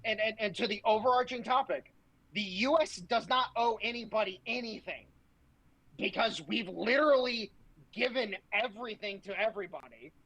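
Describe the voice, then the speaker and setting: A woman's voice: medium pitch, fairly bright tone, poor audio. A woman, a podcast co-host, ranting in heated, profane political talk full of sarcasm.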